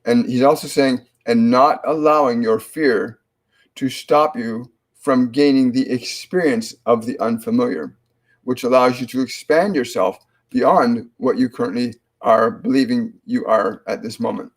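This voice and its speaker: This psychic medium, a man hosting a live reading, relays spirit messages in a calm tone. He speaks in a mid-range voice, stopping and restarting often and leaning on fillers.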